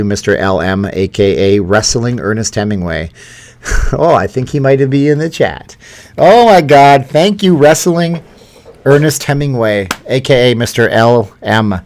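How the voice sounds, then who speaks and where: A man hosting a casual live stream, chatting and joking as he opens and reads viewer mail. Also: lowish voice.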